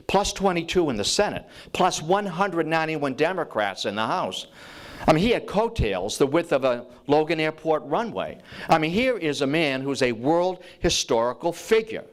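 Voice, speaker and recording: A man giving a lively public talk on history to a live audience, joking with the room and acting out quotes as he tells stories. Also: mid-range voice. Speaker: lecturer on presidential history.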